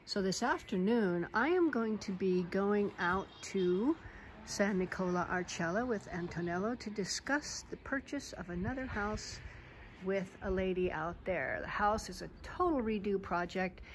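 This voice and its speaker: An American woman talks to her phone camera in a relaxed, chatty vlog, her voice sitting at a middle pitch. She tells stories with lots of fillers, and faint noise hums underneath. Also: unhurried, rough recording. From United States. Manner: chatty storyteller, animated anecdotes with fillers. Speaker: vlogger. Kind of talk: casual vlog chat. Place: home terrace in a hill town.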